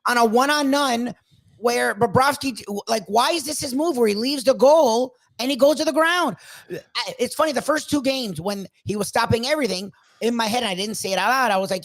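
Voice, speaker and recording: A man's voice: very high voice, brisk, creaky, a bit bright, no echo. A man co-hosting a casual sports talk show, speaking bluntly and emphatically with frequent swearing.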